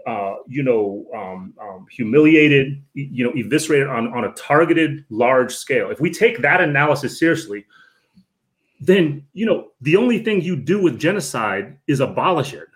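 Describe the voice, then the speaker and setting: A man's voice: medium pitch, expressive, moderate pace. Earnest lecturing man. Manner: earnest, lecturing, repeats words and says right?. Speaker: guest. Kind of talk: casual podcast conversation.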